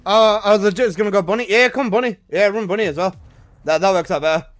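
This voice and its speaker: High-voiced excitable male game streamer. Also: fast talker, faint music behind. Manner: loose, excitable gamer talk with slang. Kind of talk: casual live-stream chat.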